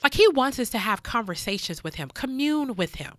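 A woman's voice: fairly high pitch, very animated, fairly quick, no room sound, studio quality, soft background music. A woman hosting a devotional podcast, teaching in an earnest, preacherly way, repeating key phrases and calling listeners child and baby. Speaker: podcast host.

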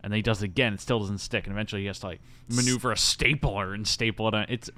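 Animated man retelling a movie plot. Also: on the low side, rapid-fire. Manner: animated storytelling, acts out quoted lines with silly voices; laughs often. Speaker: podcast co-host. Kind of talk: casual chat.

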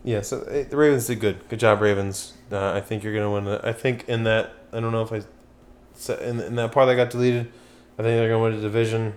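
Speaking fast in a fairly low, steady voice, a young podcast host from Pennsylvania shoots the breeze. He tends to ramble, curse, and lose track of his point.

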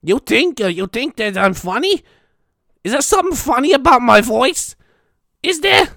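A man's voice: very high voice, sing-song, normal speed, creaky, bright, forceful tone, no room sound, clean studio sound, voice pushed up, heavily acted. A man putting on a streetwise, confrontational female TV judge, firing mock-menacing questions. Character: tough-talking brash female TV judge, streetwise.

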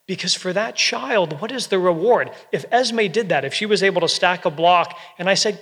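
A man preaching a sermon as pastor, earnest and gentle, with soft quoted asides. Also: sits high, normal speed, few pauses, big-room sound.

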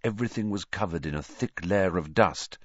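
A man reading a storybook aloud as narrator, with a dramatic, expressive delivery. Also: low voice, moderate pace, husky, no room sound, dull audio. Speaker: audiobook narrator.

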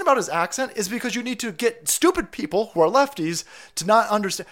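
A man's voice: sits high, animated, fast, hardly any pauses, fairly bright tone. A man hosting a livestream, delivering heated, profane political commentary and repeating himself for emphasis. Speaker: livestream host.

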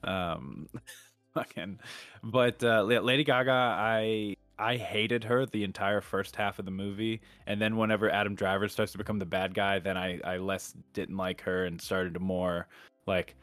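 A man's voice: on the low side, fairly even intonation, normal speed, a bit bright, no echo. A man chatting casually about a movie in a rambling, laid-back way, swearing now and then. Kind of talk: casual film review chat.

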